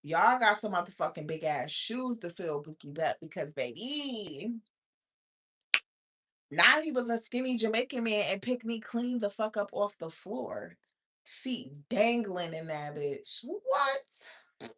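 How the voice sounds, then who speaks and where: A woman's voice: medium pitch, animated, a little slow, fairly bright tone. A woman hosting a live stream in casual chat, talking bluntly and profanely to her viewers. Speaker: livestream host.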